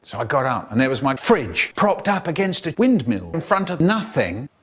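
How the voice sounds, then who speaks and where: A man telling a comic story in an animated, mock-dramatic way. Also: mid-range voice, moderate pace, slightly rough. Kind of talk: comic storytelling, spliced into a remix.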